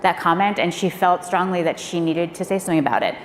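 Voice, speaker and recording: A woman, a former speechwriter, telling candid stories on a live panel with animated delivery. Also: lowish voice, fast. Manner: animated, acts out quoted voices. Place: event hall. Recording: echoey hall with faint noise.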